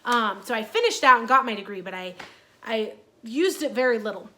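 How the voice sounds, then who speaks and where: Woman in her 30s vlogging, chatty, lots of ums, bright sharp voice. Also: on the high side, animated, fairly quick. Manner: chatty and earnest, many fillers. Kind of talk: casual personal vlog.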